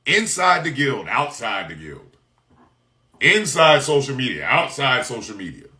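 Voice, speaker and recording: A man delivering an impassioned, profane monologue, shouting in bursts and firing off mocking rhetorical questions. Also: mid-range voice, sing-song, measured pace.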